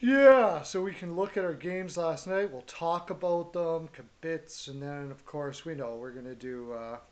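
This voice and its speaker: A man hosts a relaxed sports chat show, upbeat and jokey as he runs through picks and greets his regulars. His voice sits a little high for a man. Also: normal speed, muffled recording. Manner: upbeat, loose, jokey, shouts out viewers. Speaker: show host. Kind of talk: casual hockey chat show.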